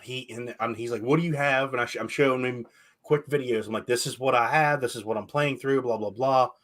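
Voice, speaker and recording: Man, podcast host, casual chat, animated storytelling, frequent swearing. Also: medium pitch, brisk.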